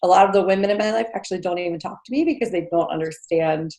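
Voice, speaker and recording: Talking fast in a fairly low, dark-toned voice, this New Jersey woman in her thirties shares a personal story as a podcast guest. She's chatty, dropping many fillers and little laughs, and the room sounds echoey.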